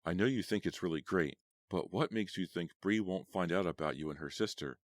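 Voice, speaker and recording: Man putting on a snippy teen girl in an audiobook, accusing, higher than his normal voice. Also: brisk, dry recording, studio quality, natural voice. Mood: indignant. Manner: sharp, accusing. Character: indignant teenage girl, sharp and disapproving.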